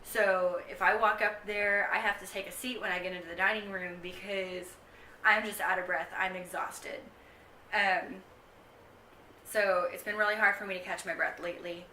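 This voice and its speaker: A woman's voice: medium pitch, steady tone, moderate pace, bright, forceful tone, recorded from a distance, slight background noise. A young woman vlogging a casual pregnancy update to camera, chatty and rambling with lots of ums. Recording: echoey room, mic set back.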